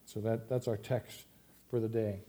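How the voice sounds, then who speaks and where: A man's voice: on the low side, flat delivery, unhurried, warm tone. A man preaching a sermon to his church, reading scripture and explaining it in a conversational way with emphatic rises and asides. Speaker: pastor.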